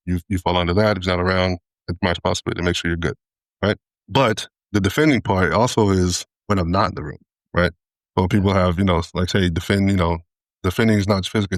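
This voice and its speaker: Fast-talking man with a low voice. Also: no echo. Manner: fast, rambling, heavy on fillers and profanity. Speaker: podcast co-host. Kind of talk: casual chat.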